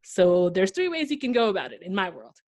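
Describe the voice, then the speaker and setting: A young woman from Pakistan, a guest on an interview podcast, telling her story in a lively conversational way and acting out the voices of people she quotes. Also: mid-range voice, brisk. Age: young adult.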